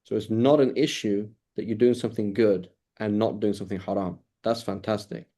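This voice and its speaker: A man with a lowish, mellow voice teaches a class in a loose, conversational way. He circles back on his points, repeats phrases for emphasis and keeps checking in with his listeners by asking "right?" after his points. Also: steady tone, brisk. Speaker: religious teacher. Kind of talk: informal classroom lecture.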